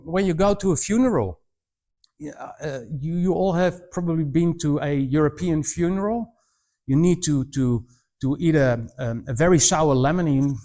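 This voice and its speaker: A man's voice: fairly high pitch, a little mellow. A middle-aged man from the Netherlands with a Dutch accent, giving a humorous presentation to students as a missionary, telling anecdotes with frequent restarts. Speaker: missionary speaker.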